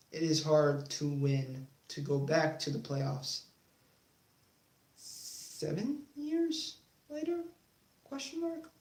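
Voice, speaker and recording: Young male sports vlogger, higher-pitched and slow, halting with fillers, defiant streak, echoey room. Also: a little mellow. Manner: halting, many fillers, then heated and defiant. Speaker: YouTube sports channel host. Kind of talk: casual sports talk vlog.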